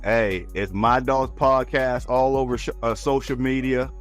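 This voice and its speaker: A man's voice: medium pitch, steady tone, unhurried, faint music behind. A man appearing as a guest podcaster, talking casually and stammering at the start of his lines. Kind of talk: casual sports talk.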